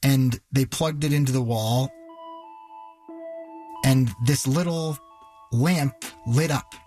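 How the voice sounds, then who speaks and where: A man's voice: medium pitch, slow pace, a little mellow, faint music behind. Man telling a news story. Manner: conversational, vivid retelling. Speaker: reporter.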